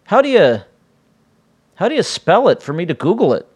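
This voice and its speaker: A man's voice: high-pitched, big pitch swings, moderate pace, slightly rough. A man hosting his own podcast, talking casually on his own, rambling and often restarting his sentences. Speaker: podcast host. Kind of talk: casual solo podcast monologue.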